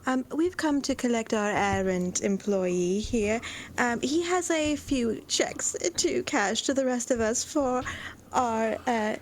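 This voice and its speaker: A woman's voice: a little high, takes it slowly, slight background noise, voice pushed up. A woman voicing a haughty female adventurer with a metal fist, posh and condescending, calling people darling. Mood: commanding.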